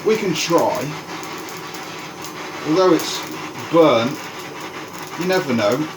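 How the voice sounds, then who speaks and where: A man's voice: a little high, lively intonation, slow pace, background noise, pitched above the performer's own voice. A man voicing a cheerful, resourceful soldier who coaxes villagers, with an upbeat, hesitant manner. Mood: coaxing. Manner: upbeat, coaxing, hesitant restarts. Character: cheerful, resourceful male soldier cooking stew. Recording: roomy echo.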